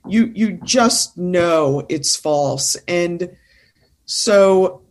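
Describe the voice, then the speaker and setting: A woman's voice: lowish voice, lively intonation, extremely slow. Emphatic woman speaking coach. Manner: emphatic, insistent, teacherly. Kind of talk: podcast conversation.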